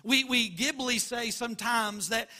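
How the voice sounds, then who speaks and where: High, bright-voiced male preacher. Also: a little slow. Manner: emphatic, repeats phrases for stress. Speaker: pastor. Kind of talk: sermon.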